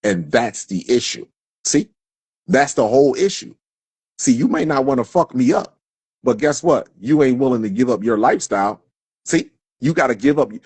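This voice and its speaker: Husky man ranting hard. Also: medium pitch, animated, moderate pace, a little mellow, dry recording. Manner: heated, preachy, swears constantly. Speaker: livestream speaker. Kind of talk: impassioned profane rant. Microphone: phone on a live stream.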